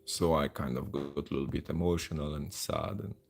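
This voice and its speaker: A deep, gravelly man from Poland gives live gameplay commentary. He rambles in a loose, chatty way and often pokes fun at himself. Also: fairly quick, a little hiss or hum. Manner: rambling, chatty, self-deprecating. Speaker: mobile game streamer.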